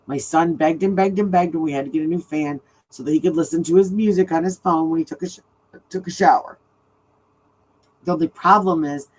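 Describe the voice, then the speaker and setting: A woman's voice: low voice, darkish tone, low-quality recording. A middle-aged woman chats casually into a home microphone while hosting a livestream. She tells rambling stories and keeps breaking into laughter. Her talk is loose and friendly, with plenty of restarts. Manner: chatty, laughs often while telling stories. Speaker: true crime livestream host.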